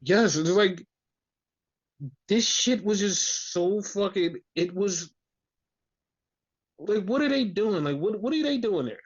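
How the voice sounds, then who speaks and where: A man with a high, light voice rants on a podcast, swearing often and sounding exasperated. The audio is muffled and lo-fi. He talks in loose, casual chat. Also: lively intonation, slow pace, long pauses. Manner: profane, exasperated ranting. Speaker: podcast host. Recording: dull lo-fi audio.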